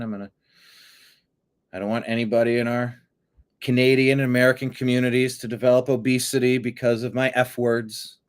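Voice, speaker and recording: Man hosting a commentary show, blunt, sarcastic, rambling, mid pitch, close mic. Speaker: online show host.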